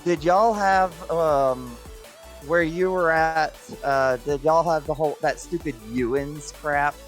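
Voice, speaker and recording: A co-player telling stories in a relaxed gaming chat, with music playing behind. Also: medium pitch, slow.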